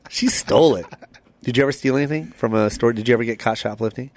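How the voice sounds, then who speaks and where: A man co-hosting a podcast, telling a story in casual chat with lots of profanity, swinging from loud bursts to hushed asides. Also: medium pitch, brisk, dry recording. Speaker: podcast co-host.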